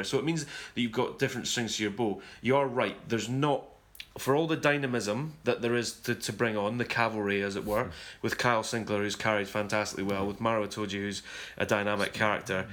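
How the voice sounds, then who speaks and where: A man with a fairly low voice hosts a casual rugby discussion. He talks in a measured, thoughtful way and often pauses to rephrase himself. He sounds like a podcast presenter. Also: a bit bright. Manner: measured, thoughtful, self-correcting. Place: touring abroad covering a series.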